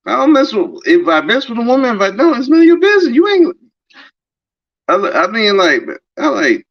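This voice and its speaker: A man's voice: very high voice, a little fast. A man hosting a podcast, talking in a casual, emphatic monologue and acting out the lines of people he quotes. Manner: animated, emphatic, acts out quoted dialogue. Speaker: podcast host. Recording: dull lo-fi recording.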